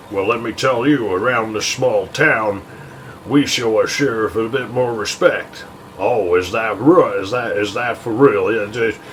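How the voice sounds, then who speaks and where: A swaggering Old West gunslinger in a drawn-out cowboy drawl, as a man puts him on, all mock-tough bluster from an old black-and-white movie. The voice sits low and even, mostly unhurried. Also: slight background noise, rough recording.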